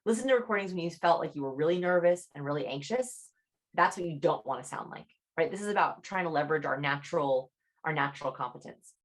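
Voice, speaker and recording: A young adult woman, a chatty author speaking as a podcast guest over a video call, animated and peppering her talk with "like". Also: fast. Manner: animated, demonstrates her voice high and low; chatty, fillers like "like". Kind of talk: podcast interview.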